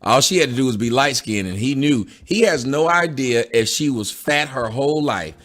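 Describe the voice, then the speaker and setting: A woman's voice: a bass voice, animated, moderate pace, faint music behind. A woman giving sarcastic, indignant reaction commentary. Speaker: commentator answering a critic.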